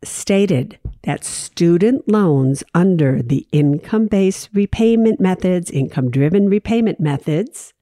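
A woman with a low-ish, mellow voice hosts a money advice show. She talks straight to her listeners, emphatic and direct, and drives points home by repeating them. The sound is close and dry. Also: animated, unhurried, hardly any pauses, dry recording. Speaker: financial advice host.

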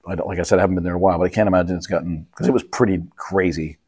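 A man's voice: low-pitched, steady tone, rapid-fire, a little mellow, breathy edge. A man from Canada co-hosting a travel podcast, talking casually and rambling about his recent trips. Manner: rambling, restarts often, travel anecdotes. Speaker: podcast co-host. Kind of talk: casual chat.

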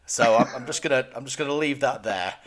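A man hosts a casual podcast in a middle-pitched voice. He rambles, cracks jokes and teases himself and his guest. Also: fast talker, fairly bright tone. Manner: jokey, rambling, self-deprecating. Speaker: podcast host.

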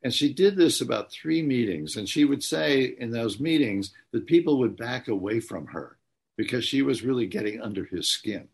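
Gravelly, husky-voiced man telling stories. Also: mid-range voice, expressive, normal speed. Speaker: guest. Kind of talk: conversational storytelling.

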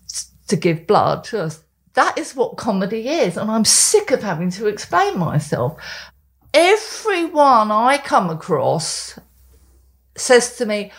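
A woman's voice: fairly high pitch, big pitch swings, unhurried. A woman co-hosting a casual chat podcast, blunt and opinionated, given to ranting. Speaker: podcast co-host, columnist.

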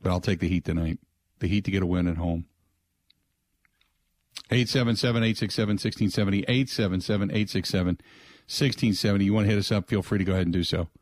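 An older man hosts sports radio from a studio, chatting in a loose, rambling way and circling back to the call-in number. His voice sits a little low. The close microphone leaves the sound dry, with no room echo. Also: fast, long pauses, darkish tone. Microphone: close studio mic.

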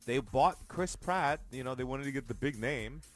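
A man's voice: mid-range voice, moderate pace, soft background music. A man co-hosting a morning TV show, chatting in an easygoing way with chuckles and restarts. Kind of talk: casual morning show banter. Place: TV studio.

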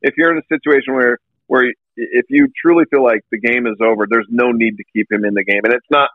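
A man's voice: mid-range voice, fast, dry recording. Agreeable man on a phone line. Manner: agreeable, steady, fills gaps with uh. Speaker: sports podcast co-host. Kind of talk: casual sports talk.

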